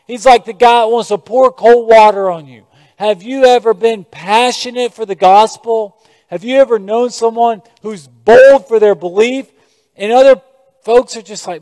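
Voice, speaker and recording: An American man preaching a sermon as a pastor, moving between quiet scripture reading and loud, emphatic exhortation. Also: sits high, animated, a little slow. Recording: long reverb of a large hall.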